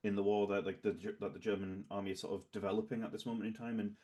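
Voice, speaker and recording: A man's voice: fairly low pitch, little pitch movement, very fast, dark tone. A man running a tabletop game as game master, describing scenes in a hesitant, rambling way full of fillers and restarts.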